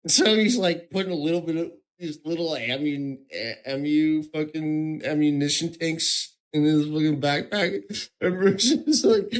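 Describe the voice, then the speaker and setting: A man's voice: on the high side, measured pace. A young man streaming, telling a story in casual chat, laughing often and swearing freely.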